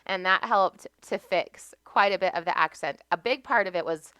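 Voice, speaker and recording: An American woman telling stories about her childhood as a podcast guest, animated and laughing often. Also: fairly low pitch, moderate pace, clear, resonant tone, no echo. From United States. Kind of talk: casual storytelling.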